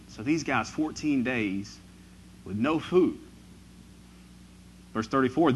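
A man preaching a sermon, reading scripture and then riffing on it, his voice swinging from loud to hushed. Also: fairly high pitch, slow pace, long pauses. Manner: animated, swinging from loud to hushed, asks the congregation questions; reads scripture aloud then riffs on it. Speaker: pastor.

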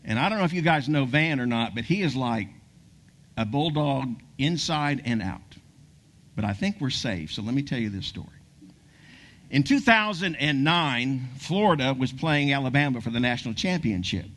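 A man preaching a sermon, telling a story with animation and dropping to a hushed near-whisper to stress key points. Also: medium pitch, expressive, moderate pace. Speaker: pastor.

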